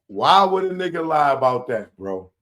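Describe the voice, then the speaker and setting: This commentary host's voice sits on the high side and is very animated. Responding to a news item, he gives loud, stretched-out cries of incredulity broken up by laughter.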